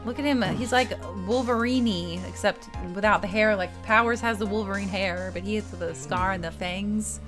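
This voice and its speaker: A woman's voice: medium pitch, normal speed, few pauses. A woman streamer giving casual, reactive commentary while playing a story game. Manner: reactive, exclaiming, chatty. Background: game music.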